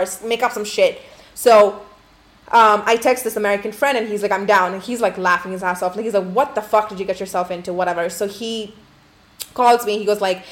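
A woman's voice: medium pitch, steady tone, a little fast. Profane rambling young woman storyteller. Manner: profane, candid, rambling with many likes. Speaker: podcast host. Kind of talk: casual storytelling to listeners.

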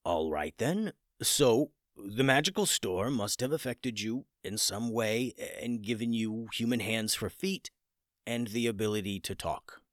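A man's voice: on the low side, brisk, few pauses, fairly bright tone, dry recording, studio quality, close to an everyday voice. A man voicing an old male wizard who is clumsy but kindly and talks in a fretful, stammering way. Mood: reassuring.

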